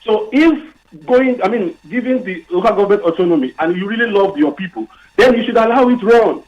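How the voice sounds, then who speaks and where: Nigerian caller on a dull phone line. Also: male voice, high voice, expressive, a little fast. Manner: earnest, rhetorical questions, some restarts. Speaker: radio caller.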